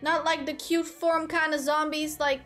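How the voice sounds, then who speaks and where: A woman's voice: high-pitched, moderate pace, soft background music. A woman streaming a game, chatting casually with her viewers and reading game lines aloud. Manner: animated, talks to chat and reads game lines aloud. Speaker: gaming streamer. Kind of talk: casual gameplay commentary.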